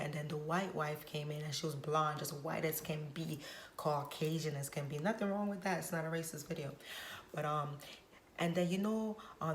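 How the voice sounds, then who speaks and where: A woman with a fairly low voice vlogs straight to camera, retelling a story from her work as a hairstylist. She talks in an emphatic, preachy way and drives her points home by repeating them. The recording carries a roomy echo. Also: a little hiss or hum. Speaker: hairstylist vlogger. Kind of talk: direct-to-camera storytelling vlog.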